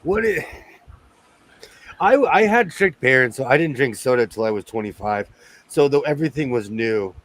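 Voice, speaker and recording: A man's voice: medium pitch, expressive, brisk, a bit bright. A man from Los Angeles chatting casually as a host, rambling through stories with many restarts. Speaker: sewing show host. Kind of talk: casual chat.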